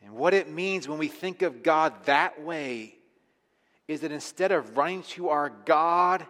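A man's voice: on the high side, a little slow. Emphatic preacher man in a reverberant hall. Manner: emphatic preaching, swinging between hushed and forceful. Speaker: pastor. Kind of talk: sermon.

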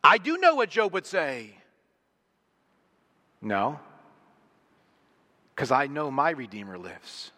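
Man, middle-aged pastor, bright forceful voice, emphatic sermon delivery, echoey church hall. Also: a little high. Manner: earnest, emphatic, leans hard on single words.

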